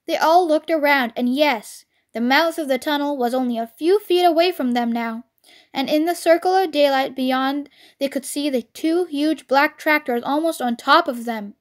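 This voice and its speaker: A woman's voice: sits high, normal speed. A woman reading a children's storybook aloud expressively, as a storyteller.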